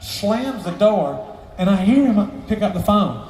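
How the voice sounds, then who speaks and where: A man's voice: sits high, lively intonation, a little slow, a little mellow, slight background noise. A man telling a long story, rambling and profane, with joking asides. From Southern US. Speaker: storyteller, luthier. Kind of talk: casual live storytelling. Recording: echoey hall, distant mic, faint ambience.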